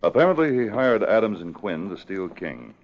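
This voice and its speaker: Steady heroic police sergeant, deep and authoritative, old-time radio, dull sound. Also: male voice, moderate pace. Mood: explaining. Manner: calm and authoritative. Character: calm, steady male Mountie sergeant hero. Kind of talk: 1950s radio drama acting.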